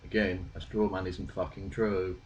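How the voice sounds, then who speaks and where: A man's voice: low-pitched, flat delivery, moderate pace, muffled recording, slight background noise. A man with a British accent giving dry, sarcastic, profane rebuttals. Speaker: video creator responding. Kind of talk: rebuttal commentary.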